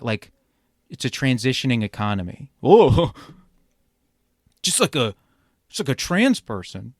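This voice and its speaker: A man hosting a reaction commentary show, ranting sarcastically and swearing, jumping from loud outbursts to low mutters. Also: no room sound, clean studio sound. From immigrant. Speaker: commentary podcast host.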